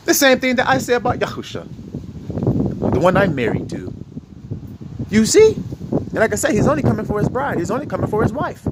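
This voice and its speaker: Animated preaching man, lively pitch. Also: fairly quick, long pauses, slight background noise. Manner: animated, conversational preaching with rhetorical questions. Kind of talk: informal sermon.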